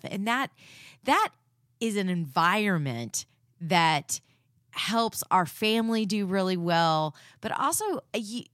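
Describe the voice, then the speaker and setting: A woman's voice: medium pitch, fairly bright tone, no echo, studio quality. A woman co-hosting a marriage podcast, talking with her husband in an earnest, reflective way. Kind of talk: casual chat with her husband.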